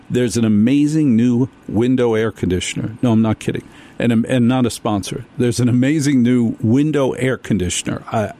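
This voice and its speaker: A man's voice: mid-range voice, moderate pace, mellow. A man hosting a talk radio show, delivering a sarcastic, ranting monologue.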